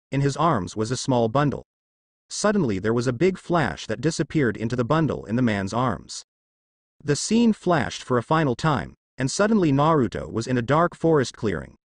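Man narrating a story, lively pitch. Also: dry recording. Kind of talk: scripted narration.

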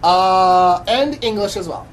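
A man's voice: high-pitched, slow pace, a little hiss or hum, low-quality recording. A man co-hosting a casual podcast, recapping a press conference with many fillers and restarts. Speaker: podcast co-host.

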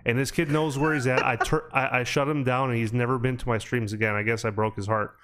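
A man's voice: medium pitch, little pitch movement, fast talker, a bit bright. Male podcast host, casual storyteller, loose and rambling. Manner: rambling storytelling with many fillers. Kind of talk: casual chat.

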